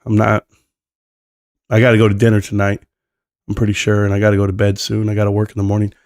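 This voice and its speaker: A man hosting a live stream while sick, coughing and clearing his throat as he rambles on. His voice sits fairly low and the sound is dry and close. He talks in a loose, casual way. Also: monotone, fast, darkish tone, no echo.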